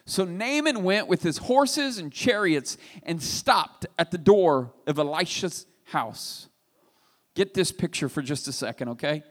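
A man preaching a sermon, retelling a story with animated, emphatic delivery. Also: a little high, measured pace. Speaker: pastor. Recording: reverberant hall.

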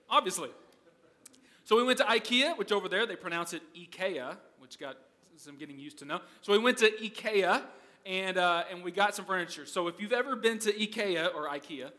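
A man's voice: sits high, pushed and bright. An American man preaching a sermon as pastor, telling stories in a chatty way and often checking in with the audience. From United States. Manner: conversational storytelling, keeps asking "okay?".

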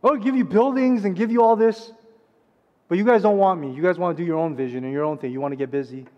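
A pastor preaching a sermon, swinging between loud urgent passages and hushed quiet ones. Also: male voice, high-pitched, fast talker, dull audio. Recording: long reverb of a large hall.

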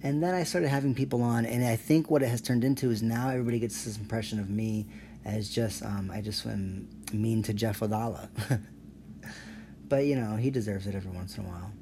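A man's voice: on the low side, fairly quick, gravelly, warm tone, a little hiss or hum. A man hosting his own podcast alone, rambling in a profane, sarcastic rant. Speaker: podcast host.

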